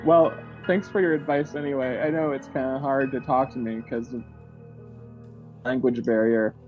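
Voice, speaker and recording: A man's voice: medium pitch, steady tone, normal speed, muffled recording, faint music behind, close to an everyday voice. A man voicing a heartbroken cartoon pony mare in a goofy, offhand way during a comedy podcast.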